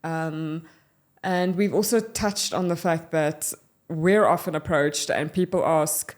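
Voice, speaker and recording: A young woman from South Africa co-hosting a podcast, explaining ideas in an earnest, measured way. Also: sits low, fairly even intonation. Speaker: podcast co-host. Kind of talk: casual podcast chat.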